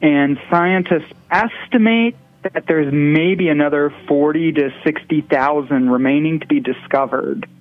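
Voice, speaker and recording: A man who is a professor, answering interview questions calmly and clearly over a phone line. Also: a little high, measured pace. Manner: calm, informative. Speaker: guest expert, professor.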